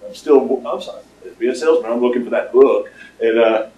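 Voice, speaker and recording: Rambling older man pitching to a crowd. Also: brisk, warm tone, lo-fi sound, slight background noise. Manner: rambling storyteller with many fillers. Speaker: startup presenter. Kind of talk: casual pitch talk to an audience. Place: meeting room with audience. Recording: roomy, distant room recording.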